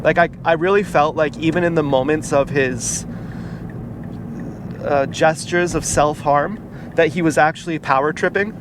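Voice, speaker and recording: A man telling a personal story in a casual vlog, rambling and halting, with many fillers and restarts. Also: fairly high pitch. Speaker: vlogger. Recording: noisy outdoor street recording. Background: car and street noise.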